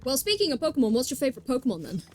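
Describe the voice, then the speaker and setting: A giggly British woman hosts a live game stream, chatting freely and reacting aloud to what happens on screen. Her voice sits a touch high, and faint music plays behind her. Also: very animated, very fast. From Britain. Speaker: streamer host. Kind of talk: casual gameplay chat.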